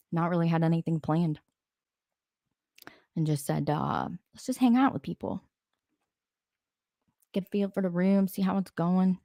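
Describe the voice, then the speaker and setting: A woman with a slightly low voice hosts a relaxed live stream and chats loosely with her viewers. She reads out their comments, wanders into asides and laughs often. The recording is dry, with almost no room sound. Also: no room sound. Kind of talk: casual live-stream chat.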